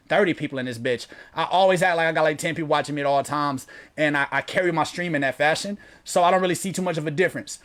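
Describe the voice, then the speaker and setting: A man with a high, quick voice hosts a livestream from his desk. He talks in loose, profane slang and rattles through viewer comments at a brisk clip. The delivery is high-pitched and fast. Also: fairly bright tone. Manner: profane, slangy, reads chat aloud. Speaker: livestream host. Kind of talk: casual livestream chat.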